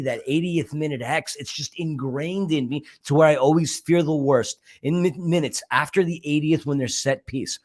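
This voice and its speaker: Male podcast co-host, slightly high voice, dramatic storyteller with joking asides. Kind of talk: fan podcast match recap.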